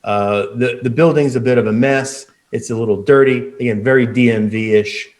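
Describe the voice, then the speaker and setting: A man's voice: medium pitch, steady tone, moderate pace. A man narrating a tabletop game as game master, rambling with many fillers and restarts.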